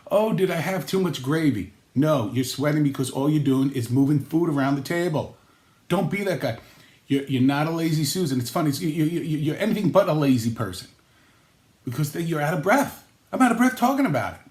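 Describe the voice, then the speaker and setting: A man hosting a comedic vlog, rambling through jokes and acting out quoted lines with sudden jumps in pitch. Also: a little mellow, reverberant. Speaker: sports vlog host.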